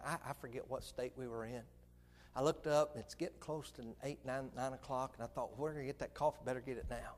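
Middle-aged preacher man in a reverberant hall. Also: mid-range voice. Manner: animated storyteller, comic put-on voices. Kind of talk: sermon story.

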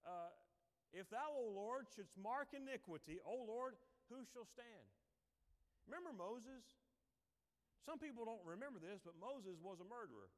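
Male preacher, high animated delivery, dramatic character voices, long church reverb. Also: a little slow. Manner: sings hymn lines mid-sermon. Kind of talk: sermon.

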